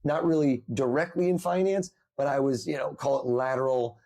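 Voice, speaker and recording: Podcast guest, male, energetic storyteller, mid pitch, plays out the quotes. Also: moderate pace. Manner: animated storyteller, acts out quoted voices. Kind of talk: conversational storytelling. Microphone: remote call.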